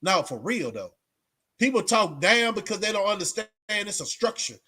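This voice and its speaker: A man from Texas with a fairly high-pitched voice talks straight to his viewers on a livestream. He rambles in a loose, unscripted way, leaning on streetwise slang, fillers and restarts. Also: very animated, normal speed, sharp tone, slightly rough. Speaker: livestream host. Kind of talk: casual rambling monologue to viewers.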